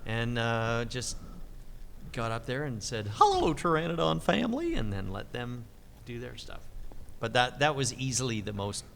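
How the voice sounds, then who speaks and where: A middle-aged man telling convention stories as a voice actor, full of energy and acting out every quote. His pitch leaps around, and a faint noise floor runs beneath him. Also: measured pace, big-room sound. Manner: animated, lively pitch swings, acts out quotes. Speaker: voice actor guest. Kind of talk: convention interview storytelling.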